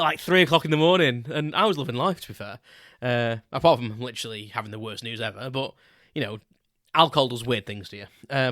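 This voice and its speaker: Bright-voiced British man telling a story. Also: medium pitch, no room sound, clean studio sound. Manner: chatty, rambling anecdote with casual swearing. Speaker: podcast host. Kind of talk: casual solo storytelling.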